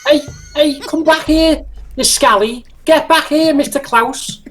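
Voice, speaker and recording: A man voicing a brash Scouse tank crewman who shouts orders and curses cheekily. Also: extremely high pitch, unhurried, pitched above the performer's own voice. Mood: scolding.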